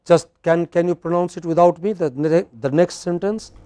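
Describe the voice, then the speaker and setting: A man teaching English word stress in a classroom, patiently modelling words slowly and prompting his learner. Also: high voice, steady tone, mellow, clean tone. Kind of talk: classroom drill lesson.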